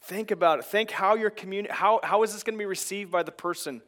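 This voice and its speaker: A man's voice: high-pitched, quick pace, fairly bright tone. A middle-aged man preaching a sermon as pastor, in an emphatic, conversational way that builds in intensity.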